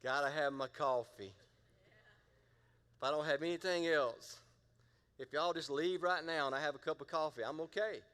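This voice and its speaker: Playful pastor preaching. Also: male voice, on the high side, normal speed, long pauses, a bit bright, clear, resonant tone, big-room sound. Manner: playful, conversational preaching with audience call-and-response. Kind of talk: sermon.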